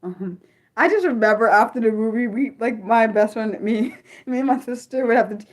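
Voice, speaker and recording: Young woman, livestream host, animated chatter, easily spooked, lots of restarts, slightly high voice. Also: normal speed. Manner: trailing restarts and repeated exclamations. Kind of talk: unscripted livestream chat. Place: her room.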